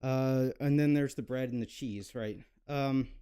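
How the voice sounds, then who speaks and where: A man's voice: mid-range voice, a little slow, dark tone, clear, resonant tone. A young man hosting a cooking video, chatting casually and rambling with lots of fillers and self-mocking jokes. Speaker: cooking channel host. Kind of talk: casual cooking vlog chat.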